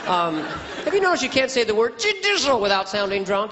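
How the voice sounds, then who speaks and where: A man performing stand-up comedy, telling stories with lively delivery and popping into character voices. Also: high-pitched, a little fast. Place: large theater with a live audience. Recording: live stage recording, long hall reverb, loud crowd and ambient noise.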